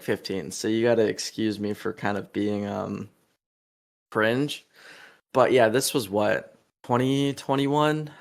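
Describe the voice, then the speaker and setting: A young adult man, a musician being interviewed, talking in a laid-back, profane, casual way and laughing often. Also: fairly low pitch.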